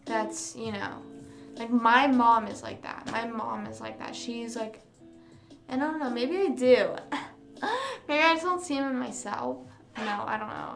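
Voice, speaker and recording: A young woman host chats casually with her viewers, rambling along with plenty of fillers and false starts. Her voice sits a little high, and it carries some room echo. Music plays clearly in the background. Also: a little slow. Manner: rambling, self-correcting, many fillers. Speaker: livestream host. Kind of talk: casual chat with live viewers. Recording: roomy sound with music behind.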